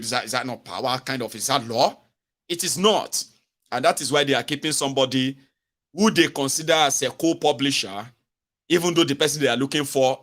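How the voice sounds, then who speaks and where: A middle-aged Nigerian man hosting a live-stream political show, talking at a medium pitch. He is animated and sarcastic, with plenty of rhetorical questions. He mixes Nigerian Pidgin turns into his English. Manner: animated, sarcastic, drops into mock voices. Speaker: host.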